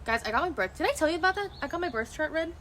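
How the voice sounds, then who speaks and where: Racing along in a high voice, the young woman talks casually to her viewers while streaming outdoors. It's rambling and animated chat with many restarts and plenty of swearing, and there's slight background noise.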